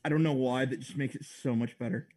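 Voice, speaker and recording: A man's voice: medium pitch, steady tone, quick pace, darkish tone. A man co-hosting a casual podcast, teasing his friends dryly. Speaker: podcast co-host.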